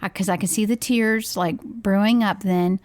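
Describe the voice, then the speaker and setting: A woman's voice: mid-range voice, steady tone, normal speed, dry recording. Earnest woman recounting a family story. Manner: earnest, detailed retelling with soft quoted dialogue. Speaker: podcast co-host and parent. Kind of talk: casual storytelling chat.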